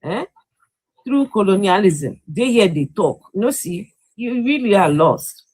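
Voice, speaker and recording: A woman's voice: mid-range voice, sing-song, measured pace, a little mellow, husky, low-quality recording. A woman with a Nigerian accent hosting a live call-in debate, pressing her question again and again. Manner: insistent, repeats her question.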